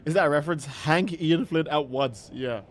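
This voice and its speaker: A man hosting a game livestream, chatting casually and ranting in an animated, profane, exasperated way. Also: fairly high pitch, moderate pace. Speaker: livestream gamer host.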